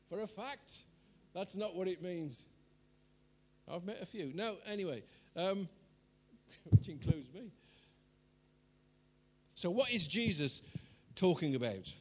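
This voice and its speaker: A high-pitched older man preaches a sermon. He wanders into personal stories and chuckles at his own jokes. His delivery is chatty rather than formal. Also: expressive, takes it slowly, pauses often, darkish tone. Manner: chatty, rambling storyteller who laughs at himself.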